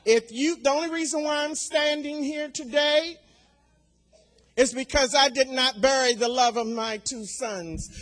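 An older woman giving a sermon testimony, slow and deliberate, swelling to loud emphatic declarations and repeating key phrases. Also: high voice. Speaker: speaker at a women's church gathering.

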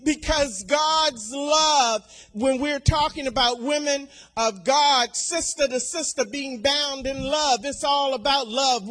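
Older woman preacher, very unhurried delivery, builds to loud repeated declarations. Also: high-pitched. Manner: slow and deliberate, swelling to loud emphatic declarations; repeats key phrases for emphasis. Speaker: speaker at a women's church gathering. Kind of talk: sermon testimony.

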